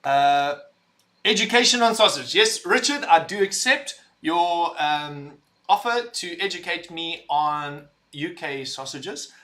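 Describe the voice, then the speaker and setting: A young man hosting a casual livestream, reading chat messages aloud, loud and rambling, laughing and swearing as he talks. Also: fairly high pitch. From visitor to the UK.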